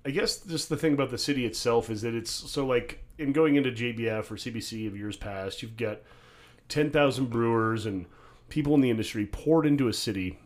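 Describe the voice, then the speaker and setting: A man's voice: medium pitch, brisk. A young adult man co-hosting a podcast, in easygoing, joking banter. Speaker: podcast co-host. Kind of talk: casual chat.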